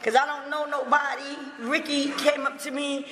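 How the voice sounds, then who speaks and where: A woman giving a personal recovery testimony, emphatic and profane, breaking into loud outbursts and laughter. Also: high voice, level tone, moderate pace, a little hiss or hum. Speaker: recovery speaker. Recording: echoey hall with long reverb.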